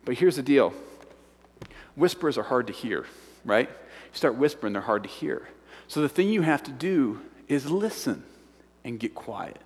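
A man preaching a sermon to a congregation. He acts out voices and swings from excited shouts down to hushed whispers. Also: mid-range voice, unhurried, long pauses, slightly rough, long reverb tail. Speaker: pastor. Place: large church hall.

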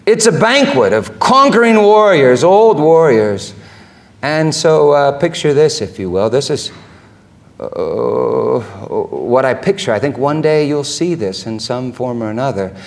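A man preaching a sermon, impassioned, swinging from hushed tones to shouting. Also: on the high side, creaky.

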